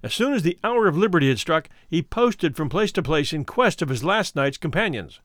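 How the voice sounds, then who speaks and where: A man narrating a classic horror tale with an expressive, varied delivery. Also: on the high side, fairly quick, no room sound, studio quality. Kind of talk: dramatic audiobook narration.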